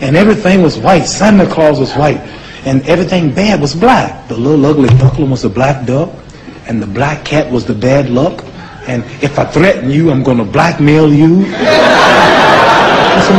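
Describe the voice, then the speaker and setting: A man tells wry, folksy stories, mimicking people and sounds as he goes. His voice sits a bit high, with steady noise behind it. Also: a little slow. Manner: folksy, mocking, acts out quotes and sounds. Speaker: former boxer giving a talk. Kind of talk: humorous storytelling speech.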